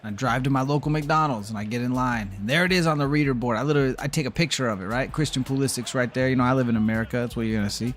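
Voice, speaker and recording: A man's voice: mid-range voice, very fast, few pauses, soft background music. A man streaming a football video game, chatting casually and telling a heated story with plenty of swearing. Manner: animated ranting storyteller, swears freely. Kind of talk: casual live-stream chat.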